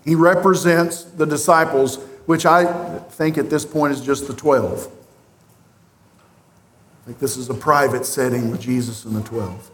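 A pastor delivering an emphatic sermon, with rhetorical questions and long pauses. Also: male voice, mid-range voice, steady tone, fairly bright tone, slight background noise. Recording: roomy echo.

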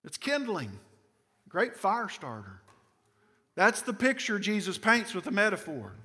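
A man's voice: high voice, big pitch swings, a little slow, sharp tone. A man with a Southern American accent preaching a sermon as pastor, emphatic and full of repetition and rhetorical questions. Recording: long reverb of a large hall.

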